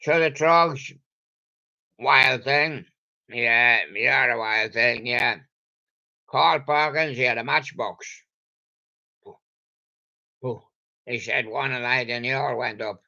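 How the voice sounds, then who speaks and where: A man's voice: mid-range voice, slow, creaky, long pauses, pushed and bright, lo-fi sound. An older man rambling playfully to himself in a meandering solo monologue. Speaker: vlogger.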